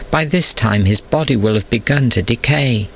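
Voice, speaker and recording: A man's voice: medium pitch, moderate pace, creaky, a bit bright, a little hiss or hum, voice pushed up. A man voicing a grieving woman who pleads in a raised, earnest tone, in a storybook reading. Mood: pleading.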